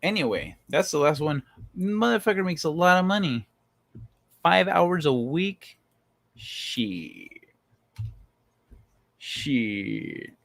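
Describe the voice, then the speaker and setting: A man's voice: high voice, sing-song, normal speed, vocal fry, fairly bright tone, no echo. A man hosting a casual livestream, chatting loosely with viewers and swearing freely. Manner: loose, profane, joking with chat. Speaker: livestream host. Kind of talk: casual livestream chat reading viewer comments.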